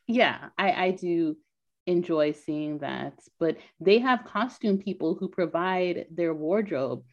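A woman co-hosting a podcast in casual chat, talkative and quick to laugh, with lots of filler words. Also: on the low side, expressive. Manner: chatty, laughs often, many "like" fillers. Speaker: podcast co-host. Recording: dull lo-fi sound.

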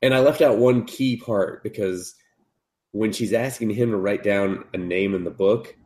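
A man with a fairly low voice tells a friend about an anime episode in a loose, profane podcast chat. He keeps dropping into squeaky voices for the characters' lines, then falls back to his easy, plain tone. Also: moderate pace. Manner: profane, animated retelling, jumps into high voices for characters. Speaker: podcast co-host. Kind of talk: casual chat, recapping an anime with acted quotes.

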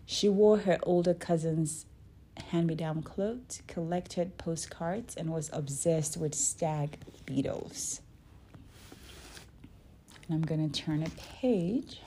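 Slow, low-voiced woman reading a storybook. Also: slight background noise. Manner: careful, gentle, correcting her own slips. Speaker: reader. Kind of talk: reading a children's book aloud.

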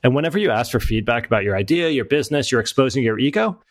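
A middle-aged American man from Florida, an author and entrepreneur, talks very fast and expressively at medium pitch as an interview guest. He is casual and self-deprecating, often restarting sentences, with no room sound in the recording.

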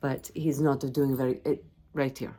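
Low-voiced playful woman podcast host. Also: moderate pace. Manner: playful, self-teasing, bursts of high animated emphasis. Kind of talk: casual solo podcast chat.

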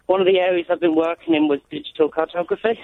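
A young man calling into a radio show, hesitant, with many ums and pauses. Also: high-pitched, big pitch swings, creaky, no room sound. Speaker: caller, council intern. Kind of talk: phone-in call. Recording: crackly phone line with faint hiss.

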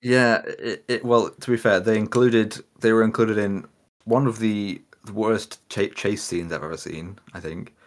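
A man's voice: lowish voice, fairly even intonation, a little slow. A man co-hosting a podcast in casual chat, talking hesitantly with dry chuckles. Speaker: podcast co-host.

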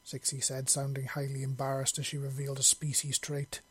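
A man narrating a story in a steady, even storytelling voice. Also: mid-range voice, brisk, few pauses, slightly rough. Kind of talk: audiobook narration.

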